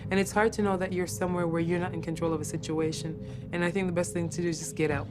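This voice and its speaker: A woman's voice: fairly low pitch, level tone, quick pace, over music. A woman who works as a caregiver, earnestly recounting a ghost encounter and repeating herself for emphasis.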